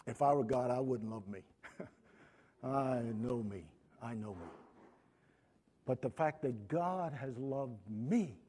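A man preaching a sermon to his congregation, pausing often, restarting phrases and clearing his throat. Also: medium pitch, warm tone. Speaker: pastor.

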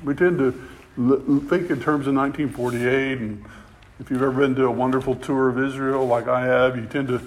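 A man preaching a sermon with passion. He climbs louder and higher to stress a point and often repeats words as he goes. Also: steady tone, moderate pace, slight background noise. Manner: impassioned, rising in pitch and volume for emphasis, repeats words.

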